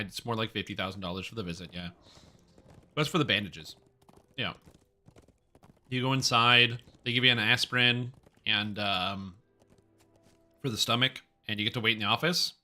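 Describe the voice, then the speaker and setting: A man's voice: mid-range voice, normal speed, long pauses, pushed and bright, faint music behind. A young man streaming a game, chatting casually and rambling as he jokes and answers chat. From Canada.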